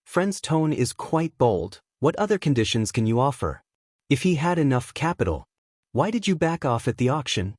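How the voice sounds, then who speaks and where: A man's voice: mid-range voice, sing-song, moderate pace, darkish tone, no room sound, clean studio sound. A man voicing a male sect leader who presses eagerly for what he wants. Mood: scornful.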